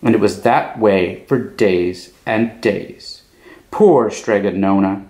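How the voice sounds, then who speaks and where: A man reading a children's picture book aloud as a clown storyteller, in an expressive manner. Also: fairly low pitch, slow. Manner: expressive, animated.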